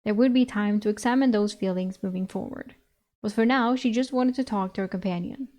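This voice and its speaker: A woman streamer reading a novel aloud in a relaxed, conversational way. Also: mid-range voice, fairly quick. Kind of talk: casual read-aloud narration.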